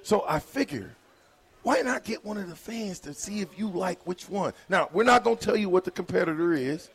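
A man's voice: high-pitched, lively intonation, moderate pace, husky. A man hosting live on-location radio, bantering playfully and teasing the people around him. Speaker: radio host.

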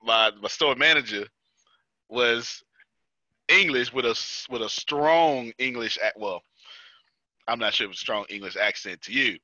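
A man's voice: mid-range voice, unhurried, pauses often, bright, forceful tone, no echo, highs cut off. An American man hosting a casual business team meeting, telling stories with jokes and frequent laughter. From United States. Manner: joking, storytelling, laughs often. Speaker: meeting host.

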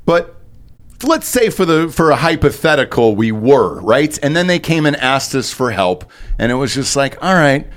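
A man's voice: medium pitch, very animated, moderate pace. A man co-hosting a podcast in casual chat, talking loosely and profanely with plenty of filler. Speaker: podcast co-host.

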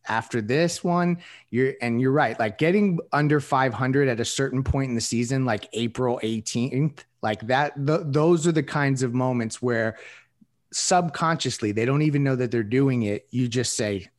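Podcast co-host, man, mid-pitched voice, rambling analyst. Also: moderate pace. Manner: rambling, thinks aloud with many hedging fillers. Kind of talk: casual basketball analysis.

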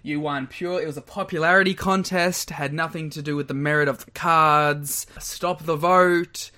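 Male co-host, fairly high, bright and forceful, mock-outraged casual banter. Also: fairly even intonation, moderate pace. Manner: mock-indignant, jokey. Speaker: podcast co-host. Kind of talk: casual chat.

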